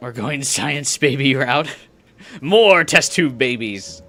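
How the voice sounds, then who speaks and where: A man gives let's play commentary in a bright, forward voice, his pitch swinging widely as he jokes and thinks aloud about the story. Soft game music plays under him. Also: animated, takes it slowly. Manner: casual and joking, muses aloud over the game's story. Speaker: game streamer.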